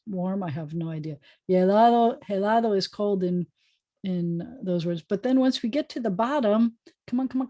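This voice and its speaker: A woman's voice: medium pitch, mellow, dry recording. A woman rabbi giving a casual online lesson over a video call, chatty and thinking aloud with many fillers. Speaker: rabbi teaching a class.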